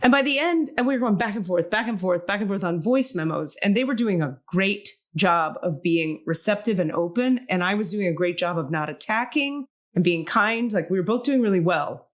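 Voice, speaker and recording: A woman podcast host telling a personal story in casual chat, animated and rambling, correcting herself and swearing casually. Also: medium pitch, normal speed, few pauses. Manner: animated, acts out quoted dialogue, swears casually; rambling, self-correcting, many fillers.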